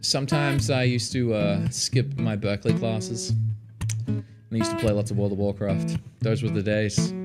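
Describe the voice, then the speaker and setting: A man's voice: on the low side, steady tone, moderate pace. A man who teaches guitar online, chatting playfully with viewers during a live feedback session. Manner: playful, chatty, reacts to chat messages. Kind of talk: casual live-stream chat with viewers. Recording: loud guitar music under the voice. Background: loud guitar music.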